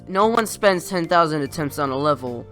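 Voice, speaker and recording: A deadpan, robotic text-to-speech voice of a woman, played from a clip. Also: low voice, moderate pace, faint music behind.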